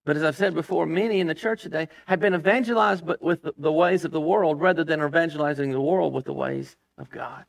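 A man's voice: on the high side, fast, gravelly, hardly any pauses. A man preaching a sermon as pastor, emphatic, reading scripture aloud and dropping his voice for stress.

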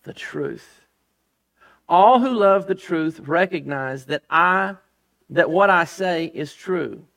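Guy preaching a sermon, reads scripture out, high voice with some fry. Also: expressive, slow pace, a bit bright. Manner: emphatic preacher, rising and dropping for stress. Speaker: pastor.

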